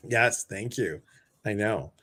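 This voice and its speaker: Speaking slowly in a lowish, pushed, bright voice, this Midwestern American man runs a laid-back livestream. He calls out viewers by name and cracks jokes on a video call.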